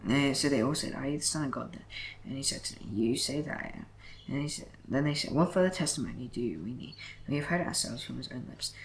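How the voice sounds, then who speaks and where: A man reading scripture aloud in a brisk way, often slipping and correcting himself as he goes. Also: mid-range voice, fairly even intonation, a little hiss or hum, rough recording. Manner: brisk reading with frequent slips and self-corrections. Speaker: Bible reader.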